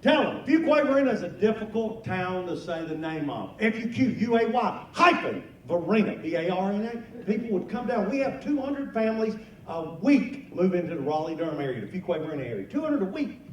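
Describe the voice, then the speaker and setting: A man's voice: high-pitched, big pitch swings, brisk, few pauses, far from the mic. A man in his fifties from North Carolina with a Southern US accent, doing folksy stand-up comedy at a luncheon. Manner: folksy, joking storyteller. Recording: echoey hall mic from afar, noisy.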